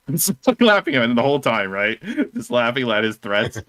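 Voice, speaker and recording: A man's voice: medium pitch, big pitch swings, moderate pace, a bit bright, no echo. A man co-hosting a casual chat, telling a rambling story and laughing through it. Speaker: co-host of a discussion stream.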